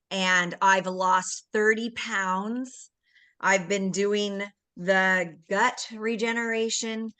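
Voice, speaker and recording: A woman's voice: medium pitch, bright, forceful tone. A woman sharing an earnest, emotional personal testimonial on a video call. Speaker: guest giving a testimonial.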